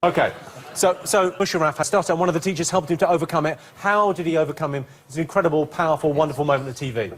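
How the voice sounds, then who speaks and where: A man hosting a comic quiz show, delivering deadpan one-liners. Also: on the high side, very fast.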